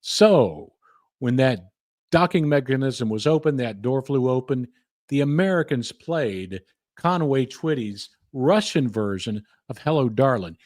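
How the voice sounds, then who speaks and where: A man's voice: medium pitch, expressive, measured pace, darkish tone, no room sound. A man, hosting a podcast in a chatty, enthusiastic, self-deprecating way, speaking close to the microphone. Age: 50s. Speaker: podcast host. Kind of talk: casual radio-style commentary.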